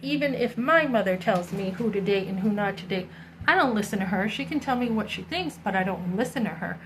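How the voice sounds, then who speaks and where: Middle-aged woman vlogger, candid rant, animated storyteller, faint room noise. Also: mid-range voice, brisk, rough recording. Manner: animated storytelling, acting out others' lines. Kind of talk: candid personal vlog rant.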